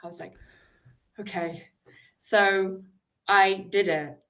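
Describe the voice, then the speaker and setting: British actress guest, animated storyteller, voices her younger self. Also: medium pitch, slow. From United Kingdom. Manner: animated, laughing storyteller who acts out her past self. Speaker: actor and guest. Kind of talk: storytelling interview talk.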